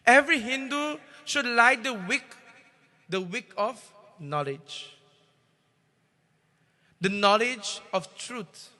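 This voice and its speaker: A man with a Trinidadian accent giving a devotional sermon as a pundit, telling a story and swelling louder on key phrases. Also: very high-pitched, slow, pauses often.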